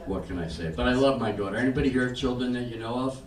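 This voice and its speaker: Talking very fast in a medium-pitched voice, an older comedian does stand-up on a club stage, delivering deadpan stories full of acted-out quotes. He is recorded from a distance in a roomy space, with laughter and room noise in the background.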